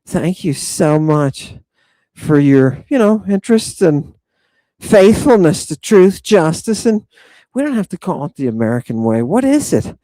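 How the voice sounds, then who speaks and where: A man in middle age hosts a live chat stream, jumping from comment to comment with loud, profane enthusiasm. His voice sits a bit higher than most men's and comes across close and dry, with no room echo. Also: unhurried. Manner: excitable, profane, riffing on viewer comments. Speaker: livestream host reading chat.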